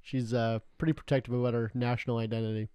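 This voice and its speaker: A young man from Canada chats casually as a podcast co-host, wandering through his stories with constant "like" fillers, jokes and swearing. His voice sits at a middling pitch for a man. The recording is dry and close, with no room sound. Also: flat delivery, quick pace, dark tone, smooth, dry recording, dull audio. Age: young adult. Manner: rambling storyteller, heavy filler "like", joking and swearing. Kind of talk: casual chat.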